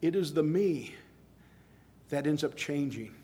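A man's voice: a little high, expressive, a little slow, warm tone, slight background noise. A middle-aged man preaching a sermon in a conversational way, telling stories and rising to emphatic exclamations.

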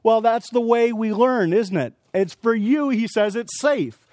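A man's voice: very high voice, lively intonation, unhurried, darkish tone, no room sound, studio quality. A man preaching a sermon at a conference, earnestly explaining scripture with everyday examples. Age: adult with young children. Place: conference session.

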